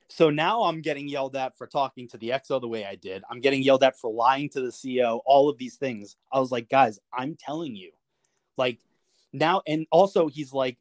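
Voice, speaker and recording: Dude telling a navy war story, swears a lot, acts out the quotes, dry sound. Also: male voice, mid-range voice, moderate pace, dry recording. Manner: animated storyteller, swears freely, acts out quoted lines with chuckles. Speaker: podcast guest, navy veteran. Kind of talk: casual anecdote told in an interview.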